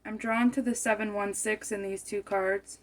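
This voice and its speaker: A woman's voice: mid-range voice, little pitch movement, moderate pace. A woman giving a tarot card reading, musing aloud and often repeating and rephrasing her phrases as she goes.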